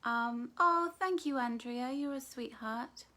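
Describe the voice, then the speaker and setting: A middle-aged woman talks on a live stream, reading out comments and answering them with terms of endearment. Her voice sits a little high for a woman. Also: takes it slowly. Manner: warm, affectionate, calls viewers darling and my love. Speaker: author hosting a live book launch.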